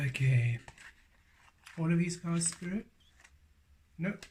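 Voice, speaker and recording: Guy doing a tarot reading, kinda high voice, talks slow, says stuff over and over for emphasis. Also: background noise. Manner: emphatic, repeats affirmations. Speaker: tarot reader. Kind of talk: spiritual card reading.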